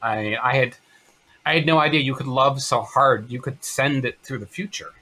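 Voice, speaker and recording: Bright-voiced man in his fifties. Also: mid-range voice. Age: 50s. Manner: earnest, halting, many fillers and restarts. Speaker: interview guest. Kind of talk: personal storytelling in conversation.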